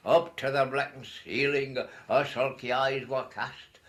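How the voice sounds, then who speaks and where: A man's voice: mid-range voice, fairly bright tone. A man reciting verse in the voice of a grieving, bitter old pauper, declaiming the lines.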